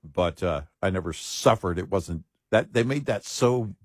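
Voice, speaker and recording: A low-pitched male co-host with a husky edge, whose voice swings freely up and down as he chats. He is wry and keeps coming back to small corrections, recorded dry and close. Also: lively intonation, measured pace, no room sound. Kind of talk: casual talk show chat.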